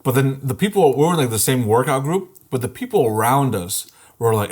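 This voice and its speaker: A man's voice: mid-range voice, lively intonation, brisk, husky. A young man co-hosting a podcast, telling a laid-back story in casual chat and swearing freely. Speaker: podcast co-host.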